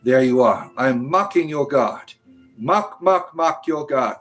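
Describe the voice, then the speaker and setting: Talking back to viewers with sarcasm and scorn, a man hosts a casual livestream chat. He speaks slowly in an animated, mid-range voice.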